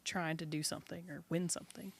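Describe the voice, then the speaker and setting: A woman's voice: sits low, flat delivery, quick pace, creaky, breathy edge. A woman who is a guest musician, chatting in an enthusiastic, casual way on a podcast.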